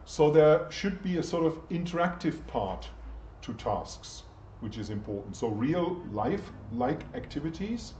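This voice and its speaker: A man's voice: fairly high pitch, big pitch swings, unhurried, few pauses, darkish tone, a little hiss or hum. A man giving a chatty university lecture and putting questions to the class. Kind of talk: interactive lecture. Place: lecture room. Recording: echoey, distant, dull lecture-room recording.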